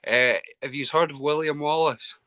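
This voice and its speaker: A man's voice: a little high, fairly even intonation, normal speed, bright, forceful tone, clear, resonant tone. A Scottish man calling in to a live football stream, chatty and self-deprecating, stumbling over his words. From Scotland. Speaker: caller. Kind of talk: casual football chat. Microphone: video call.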